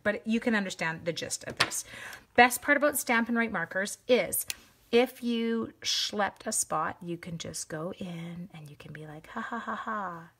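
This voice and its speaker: A woman's voice: mid-range voice, breathy edge. A woman hosting a live-streamed stamping craft demo, chatting with viewers and greeting them by name as she works. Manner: chatty, greets viewers while working, animated exclamations. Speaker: craft demonstrator. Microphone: phone.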